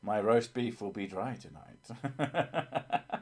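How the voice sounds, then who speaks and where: A man's voice: on the low side, lively intonation, very slow, slightly rough. A man hosting a casual live stream, chatting crudely with lots of swearing and laughter. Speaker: streamer, host of a horror story channel.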